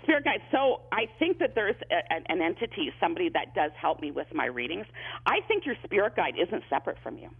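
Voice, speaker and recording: A man's voice: high-pitched, sing-song, a little fast, creaky, husky. A man, a psychic medium, chatting in an interview and telling stories, often repeating himself and restarting sentences. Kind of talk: phone-in interview, storytelling. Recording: tinny phone line.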